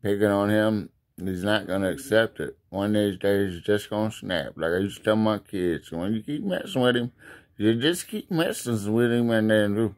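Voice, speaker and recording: A man voicing a stern, deep-voiced father figure who scolds slowly. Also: natural voice. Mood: scolding. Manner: slow, low, scolding.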